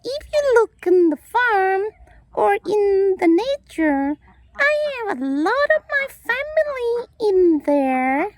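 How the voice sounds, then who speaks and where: A woman voicing a playful little bird, squeaking chirps and speaking slow, careful English. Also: very animated, dry recording, heavily acted. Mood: proud.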